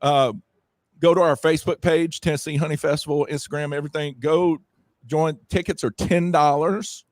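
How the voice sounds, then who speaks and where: A fairly high-voiced man with a drawl talks up his festival with eager, repetitive energy. The sound is dry and close. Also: fairly even intonation, moderate pace, dry recording. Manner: enthusiastic, promotional, repeats phrases. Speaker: festival organizer guest. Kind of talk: casual interview chat.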